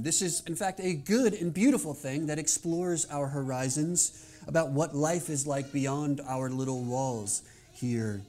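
A male pastor delivering a sermon, opening with a quiet prayer and then speaking in an earnest, measured way. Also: a little high. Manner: earnest, measured preaching with soft prayerful passages.

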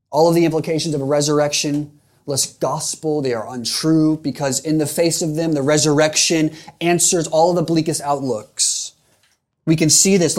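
A man's voice: fairly high pitch, a little mellow. A man preaching a sermon in an earnest, emphatic way, repeating phrases for rhetorical weight.

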